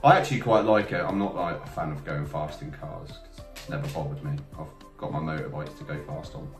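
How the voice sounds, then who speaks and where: A young man chatting casually on a couple's channel, jokey and animated. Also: very deep voice, a little fast. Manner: jokey, animated, breaks into silly voices. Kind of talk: casual chat. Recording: roomy, distant mic, music behind.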